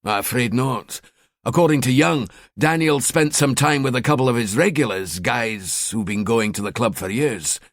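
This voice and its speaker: A man's voice: medium pitch, moderate pace, dry recording, studio quality, natural voice. A man doing a wry, chatty male detective. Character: cheeky, sardonic male police detective.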